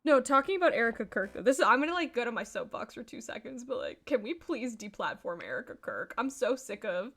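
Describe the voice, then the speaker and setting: An animated young woman holds forth in casual livestream chat, her voice slightly high. She speaks with strong opinions and peppers her sentences with "like" as she builds her point. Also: fast talker, hardly any pauses. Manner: animated, opinionated, many fillers like "like". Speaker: co-host.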